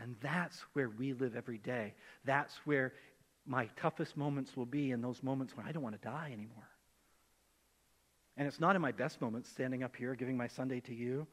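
A man preaching a sermon as pastor, conversational and animated, acting out the voices he quotes. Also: medium pitch, normal speed, in a large hall. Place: church.

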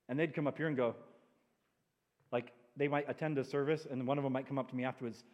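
A man preaching as a pastor, telling stories with animated asides in a church sanctuary. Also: medium pitch, fairly quick, pauses often, highs cut off. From New England. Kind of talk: sermon. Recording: long church hall reverb.

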